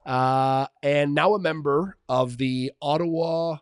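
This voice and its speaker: A man co-hosting a casual hockey podcast, relaxed and full of fillers. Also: on the high side, slow pace, clean tone. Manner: relaxed, filler-heavy, frequent restarts. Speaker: podcast co-host.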